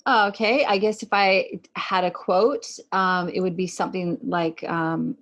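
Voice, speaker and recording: Thoughtful woman with a low voice. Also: steady tone, unhurried, a bit bright, dull audio. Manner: thoughtful, hesitant with fillers. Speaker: guest. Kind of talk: casual chat.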